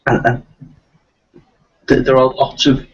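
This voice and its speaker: A man's voice: medium pitch, completely flat delivery, slow, gravelly, breathy edge. A man with a light Liverpool accent hosting a casual live-stream chat. He rambles, with many fillers and restarts. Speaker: host of a live video chat. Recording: muffled, distant, lo-fi stream audio.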